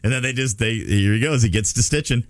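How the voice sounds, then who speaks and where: A man's voice: mid-range voice, fast talker, no room sound, studio quality. A middle-aged man hosting a radio show, telling a story in casual chat. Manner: storytelling, animated retelling. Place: radio studio.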